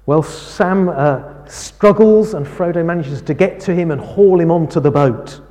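A man preaching a sermon, speaking in a slow, measured way. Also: a little high. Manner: slow, measured preaching with lively quoted lines. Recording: reverberant hall.

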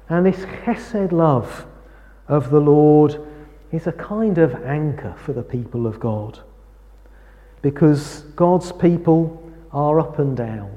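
A man preaching a sermon, speaking in a slow, measured way. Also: on the high side, dull audio. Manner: slow, measured preaching with lively quoted lines. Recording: reverberant hall.

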